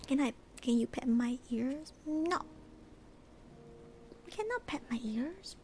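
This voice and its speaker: A female livestreamer chatting in whispered role-play, soft and bubbly, at home at night. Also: high voice, animated, takes it slowly, a little hiss or hum.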